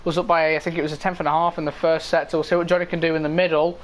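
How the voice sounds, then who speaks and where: A man's voice: a little high, flat delivery, racing. A man commentating live on an online racing league, casually reading standings and chatting with viewers. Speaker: esports race commentator.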